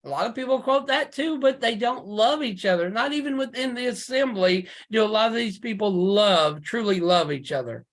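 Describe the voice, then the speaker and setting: A man preaching a fiery, emphatic sermon over a video call, full of rhetorical questions and sudden loud bursts. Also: high-pitched, lively intonation, moderate pace, few pauses.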